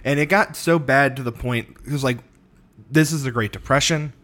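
A man's voice: mid-range voice, moderate pace, a bit bright. A tired man telling a history story on a podcast in casual chat, rambling, laughing often and stumbling over names. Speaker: podcast co-host.

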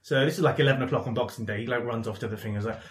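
A man's voice: mid-range voice, very fast. A man, a podcast host telling a story in casual chat and acting out the voices of the people in it. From England. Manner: animated, acts out quoted voices, laughs often. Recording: roomy echoey room.

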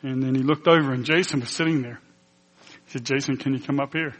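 Male preacher, mid-pitched, earnest and emotional storyteller voicing the people in his story, in a reverberant church hall. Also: fairly even intonation, quick pace. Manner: earnest storytelling, acting out quoted dialogue. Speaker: pastor. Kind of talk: personal testimony in a sermon.

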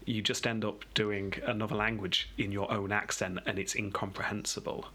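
An English man hosting a podcast, telling a history story in a joking, rambling way with a husky voice. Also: fairly low pitch, flat delivery, normal speed, sharp tone. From England. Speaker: podcast host. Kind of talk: casual history chat.

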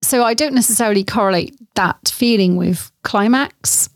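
A woman hosts a podcast in a mid-pitched voice, blunt and teasing, with quick laughs as she asks her questions. Her voice is recorded close and dry. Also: no room sound. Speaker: podcast host. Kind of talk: casual interview chat.

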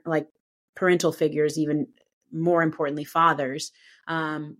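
A woman speaking as a guest on a live Christian panel, giving an earnest, heartfelt testimony with halting restarts. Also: deep voice.

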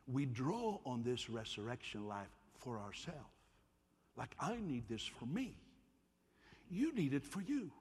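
A husky, somewhat high-voiced man preaches to his congregation in a lively, joking way. His voice rings with a long hall reverb. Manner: animated, playful, asks the congregation to respond. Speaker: pastor. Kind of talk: sermon. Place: church hall.

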